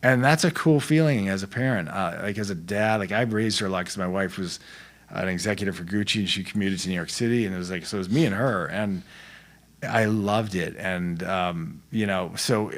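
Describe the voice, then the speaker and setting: A middle-aged man with a fairly low voice chats loosely on a podcast. His talk is slangy and laid-back, rambling through stories with many restarts. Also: brisk. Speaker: podcast guest, actor. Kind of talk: casual storytelling chat.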